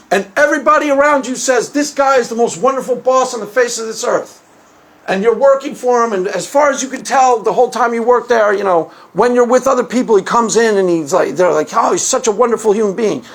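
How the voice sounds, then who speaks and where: A man hosting his own video, arguing a point in an animated monologue and acting out bits of dialogue. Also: very high voice. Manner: animated, acts out quoted dialogue. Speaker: video host. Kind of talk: argumentative monologue.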